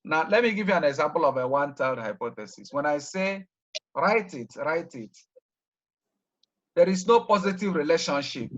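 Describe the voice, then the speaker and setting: A male teacher leads a classroom lesson in a slightly raised voice. He spells out terms carefully and keeps pausing on "what?" for the class to finish his sentences. The recording is a bit muffled and lo-fi. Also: on the high side, expressive, fairly bright tone. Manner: prompts students by leaving sentences open with "what?"; repeats key terms slowly and deliberately. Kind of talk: classroom lecture.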